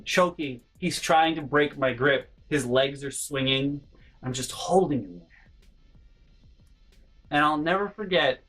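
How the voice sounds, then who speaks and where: A man vlogging a personal story in an animated way, swinging between hushed and loud and swearing freely. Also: medium pitch, low-quality recording. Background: faint background music.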